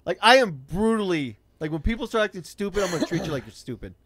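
A man's voice: high-pitched, sing-song, quick pace, fairly bright tone, slightly rough. A man, telling a rideshare-driving story in blunt, profane casual chat.

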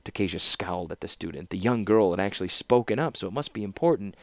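A man narrating a fantasy novel in measured audiobook style. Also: deep voice, creaky, no room sound. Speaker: fan audiobook reader.

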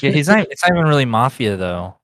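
A man's voice: medium pitch, very animated, fast, fairly bright tone, dry recording, clean studio sound. A young man co-hosting a podcast, talking in a laid-back, wry way. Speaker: podcast co-host. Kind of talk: casual chat.

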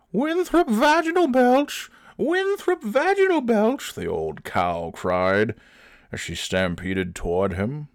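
A man hosting a comedy show, telling a crude story deadpan and chatting casually with profanity. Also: low-pitched, no room sound, studio quality.

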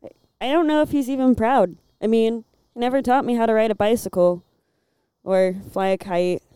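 A woman's voice: on the high side, moderate pace, warm tone, clear, resonant tone, no room sound. A Midwestern woman from Illinois in her twenties, chatting casually as a podcast guest and telling stories, packed with "like" and casual swearing. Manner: chatty storyteller, fills talk with "like", swears freely. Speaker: podcast guest, bar door worker. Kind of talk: casual chat.

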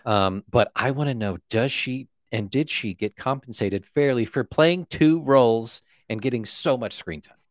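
A man co-hosting a movie podcast, joking, swearing often and acting out quick bits. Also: mid-range voice, no room sound, clean studio sound. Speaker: podcast co-host. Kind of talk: casual movie podcast chat.

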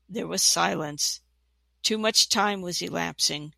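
Gravelly, bright storybook narrator. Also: mid-range voice, measured pace, no echo. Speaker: audiobook narrator. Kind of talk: storybook reading.

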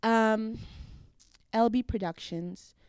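A young woman, a guest on an interview show, telling a story casually and acting out what people said with big swings in pitch. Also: slow, clear, resonant tone, no room sound, clean studio sound. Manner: animated, acts out quotes with big jumps in pitch.

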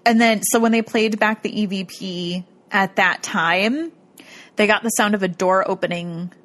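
A woman's voice: medium pitch, a little slow, a bit bright. A woman casually recapping a show in a rambling way, full of "like" and frequent laughter. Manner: rambling, lots of "like", bursts of laughter. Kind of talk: casual chat recapping a ghost-hunting show.

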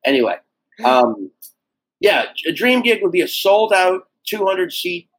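A young adult man talks through a casual podcast chat as a comedian guest. He is animated and swears freely, and he leaps into high mock voices for quotes. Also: a little slow, breathy edge, poor audio.

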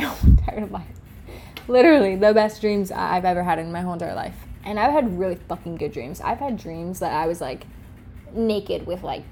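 A woman's voice: mid-range voice, darkish tone, a little hiss or hum. A young woman vlogger telling stories casually, swearing freely and venting with exasperation. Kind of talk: casual storytelling.

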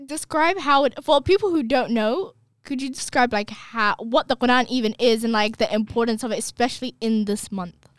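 A woman's voice: on the high side, moderate pace, few pauses, dry recording, studio quality. A woman hosting a casual podcast, asking questions with interest and lots of "yeah" and "mm-hmm". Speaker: podcast host.

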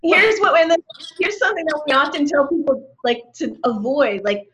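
A woman appearing as a podcast guest, giving relationship advice in a brisk, advising manner and acting out example dialogue. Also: high voice, very animated, a bit bright. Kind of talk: advice in casual chat.

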